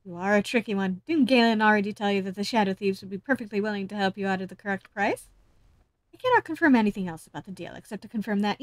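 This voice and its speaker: Woman voicing a male guild boss, businesslike, measured, dry sound. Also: mid-range voice, no room sound, pitched below the performer's own voice, lightly acted.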